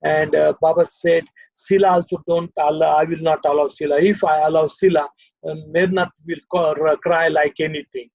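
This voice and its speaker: A man's voice: fairly high pitch, level tone, moderate pace, vocal fry, no echo, dull audio. An older man with an Indian English accent, telling stories from his childhood as a guest, rambling with many fillers. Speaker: guest storyteller. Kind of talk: casual reminiscing. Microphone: video call.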